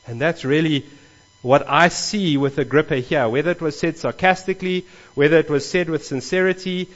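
A man delivers a sermon from the pulpit in an earnest, animated way, his voice lifting for emphasis. His voice sits at an ordinary pitch for a man. The recording sounds a little dull and muffled. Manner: earnest, animated preaching with rising emphasis and restarts. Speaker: pastor.

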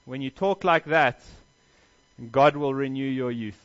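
A man's voice: mid-range voice, measured pace, a bit bright, highs cut off. A man preaching a sermon as pastor, earnest, with emphatic stresses and rhetorical questions.

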